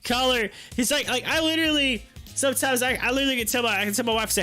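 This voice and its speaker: A man with a very high, bright, pushed voice hosts a stock market livestream at a quick clip, with soft music playing behind him. He chats casually and rambles, teasing his viewers and laughing a lot.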